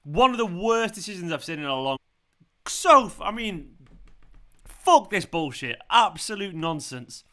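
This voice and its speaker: A young football fan channel host, furious at a refereeing call during his live watchalong, swears repeatedly and says the same things over and over. He speaks at normal speed in a high, pushed, bright voice with lively intonation.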